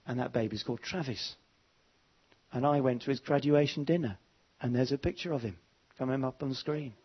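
A man's voice: medium pitch, fairly quick, husky, highs cut off. A man preaching an evening sermon, emphatic and repeating his words, with frequent fillers. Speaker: pastor.

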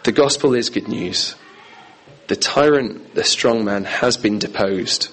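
A man's voice: lowish voice, a little slow, a bit bright, rough recording. A man preaching a sermon in an earnest, emphatic way, repeating key phrases.

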